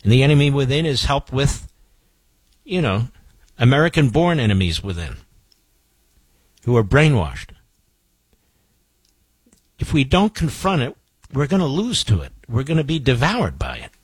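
A man's voice: medium pitch, very animated, moderate pace, long pauses, breathy edge, no echo. A man hosting talk radio, pressing his points with insistent rhetorical questions. His voice sits in a middle register and sounds close and dry, with no room around it. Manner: combative, emphatic, rhetorical questions. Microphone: studio microphone.

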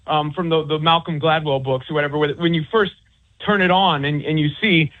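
A sports author and commentator joins a call-in interview as a guest, rambling with many restarts and fillers. His voice is on the high side, steady in tone, and a little fast. The tinny phone line colors the sound.

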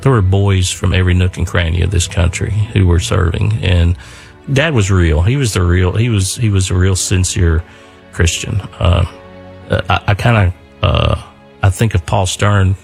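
An older man earnestly telling his father's war story, reflective and pausing often. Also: low voice, fairly even intonation, vocal fry, a little mellow, soft background music. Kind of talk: spoken storytelling.

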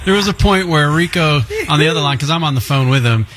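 A man joining the conversation with quick, laughing remarks. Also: fairly high pitch, expressive, a loud crowd. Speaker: co-worker chiming in.

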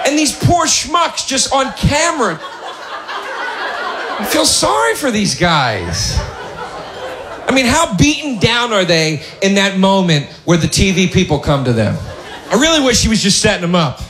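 A man's voice: sits high, big pitch swings, unhurried, roomy sound, noisy background. A male stand-up comedian ranting incredulously, slipping into mocking voices.

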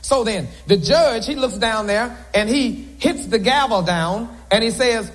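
A man's voice: extremely high pitch, a little slow, hardly any pauses. A man preaching a sermon to a congregation from the pulpit, with joking asides to the crowd. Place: church sanctuary.

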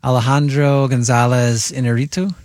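A man's voice: medium pitch, level tone, moderate pace, a little mellow, no room sound. A man co-hosting morning radio, teasing and questioning his partner in studio banter. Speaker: radio co-host.

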